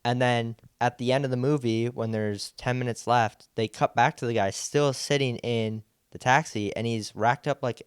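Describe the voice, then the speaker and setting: A man's voice: medium pitch, steady tone, moderate pace, few pauses, smooth, dry recording, clean studio sound. A man co-hosting a podcast, chatting casually in an easygoing, rambling way with lots of "like"s. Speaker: podcast co-host. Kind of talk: casual chat.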